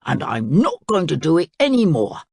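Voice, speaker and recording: A woman's voice: deep voice, huge pitch swings, moderate pace, gravelly, a little mellow, breathy edge, no room sound, clean studio sound, exaggerated voice. A woman voicing a rude male crocodile who is pretending to be a princess, in a growling, defiant voice. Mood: angry.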